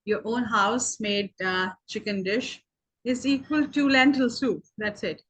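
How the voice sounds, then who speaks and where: A woman's voice: fairly high pitch, a little slow, a bit bright, poor audio. A woman whose first language is Urdu, talking earnestly in a casual video meeting and rambling with many "okay" fillers. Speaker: meeting participant.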